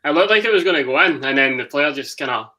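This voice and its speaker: A man's voice: a little high, animated, fast talker, pushed and bright, distant mic, rough recording. A man, a guest on a football stream, trading teasing banter in casual chat.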